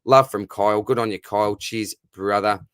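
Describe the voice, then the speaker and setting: A man's voice: fairly low pitch, steady tone, normal speed, fairly bright tone, clear, resonant tone, no echo, clean studio sound. A young Australian man hosting a casual live fantasy football Q&A, matey and upbeat as he answers viewers. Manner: matey, upbeat, reads viewer questions aloud. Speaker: fantasy football livestream host.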